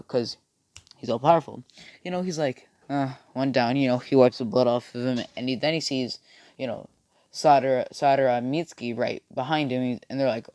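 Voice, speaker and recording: A man's voice: medium pitch, darkish tone, no echo, studio quality. Rambling young man telling a fan story. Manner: casual, many fillers. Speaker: video creator.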